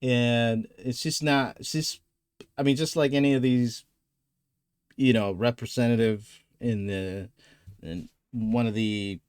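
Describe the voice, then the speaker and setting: A man's voice: medium pitch, fairly even intonation, slow, darkish tone, smooth, no room sound. Rambling man, dry close sound. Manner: rambling, searches for words with many fillers. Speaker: commentator reacting to a clip. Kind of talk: casual reaction commentary.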